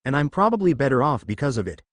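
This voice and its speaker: A man's voice: medium pitch, big pitch swings, fast talker, dry recording, studio quality, natural voice. A man voicing a cheeky, informal young male ninja in a storybook reading.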